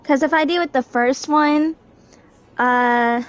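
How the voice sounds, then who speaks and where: A woman's voice: high voice, steady tone, takes it slowly. A woman playing a video game and chatting casually, thinking aloud with lots of fillers. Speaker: game streamer. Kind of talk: casual gameplay commentary.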